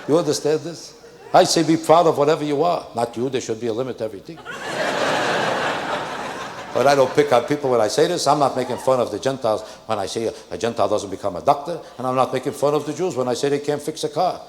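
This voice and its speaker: Fast-talking older New comedian. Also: male voice, a little high. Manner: animated, rapid, acts out exasperated characters mid-bit. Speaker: stand-up comedian. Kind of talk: stand-up comedy routine. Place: theater stage with a live audience. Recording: echoey live theater with audience noise. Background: audience laughter.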